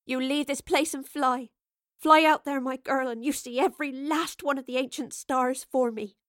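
A woman's voice: sits high, fairly even intonation, normal speed, no room sound, studio quality, voice pushed up, lightly acted. A woman voicing a grief-stricken, self-sacrificing mother who speaks weakly with a tremor in her voice. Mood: urging. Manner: trembling, pleading, weary.

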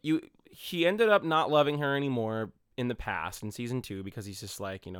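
A man's voice: medium pitch, fairly quick, hardly any pauses, fairly bright tone, clear, resonant tone, dry recording, clean studio sound. Blunt ranting man on a podcast. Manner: ranting and blunt, swears freely. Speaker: podcast co-host. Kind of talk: casual chat.

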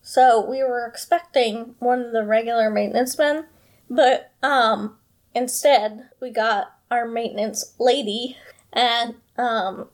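Chatty woman podcast host, higher voice. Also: steady tone, slow. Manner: rambling, chatty, many fillers. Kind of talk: casual chat.

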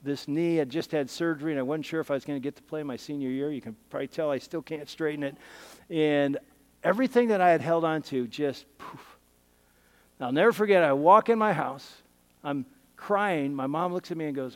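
Man preacher, middle-aged, slightly higher voice, emotive storytelling sermon. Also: normal speed, in a large hall. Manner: storytelling, swings from excited to hushed and tearful. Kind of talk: sermon testimony.

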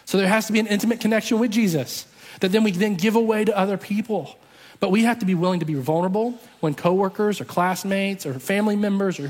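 A man with a slightly high, breathy voice preaches a fervent sermon. He tells his story with passion and repeats lines for emphasis. The sound carries a long, lingering hall reverb. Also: a little mellow. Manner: impassioned storytelling with emphatic repetition.

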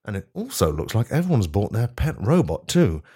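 A man narrating an absurd comedy tabletop game as game master, in a deadpan storytelling manner. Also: on the low side, a little fast, slightly rough.

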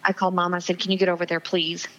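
Interview guest, woman, 40s, earnest and emotional, lots of ums, slightly low voice, muffled phone audio. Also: little pitch movement, rapid-fire, a bit bright. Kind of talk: personal testimony in interview.

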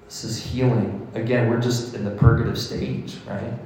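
A man's voice: mid-range voice, fairly even intonation, moderate pace, a little mellow, slight background noise. A man preaching a sermon as a priest, emphatic and repeating his points, often laughing. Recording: echoey hall from far off.

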